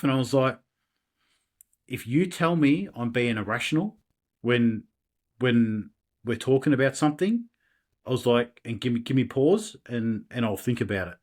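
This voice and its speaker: Middle-aged man, candid interview guest, rambling storyteller, even middle pitch. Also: moderate pace, long pauses. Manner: candid, rambling, with many restarts and acted quotes. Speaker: podcast guest.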